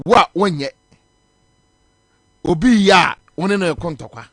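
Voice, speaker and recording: A man's voice: on the high side, normal speed, gravelly, a bit bright, no echo. A man with a Ghanaian accent, hosting a talk show and commenting on viral videos, switching between Twi and English.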